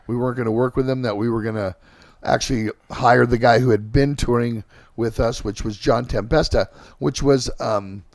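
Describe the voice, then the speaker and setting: A middle-aged man hosting a podcast, telling band stories in a halting, casual way with lots of fillers and restarts. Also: mid-range voice, fairly even intonation, dry recording, studio quality. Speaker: podcast host and band singer. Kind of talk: casual rambling storytelling.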